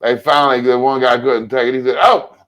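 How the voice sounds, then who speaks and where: A man co-hosting a casual political chat, telling long rambling stories with animated asides. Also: mid-range voice, brisk. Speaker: co-host.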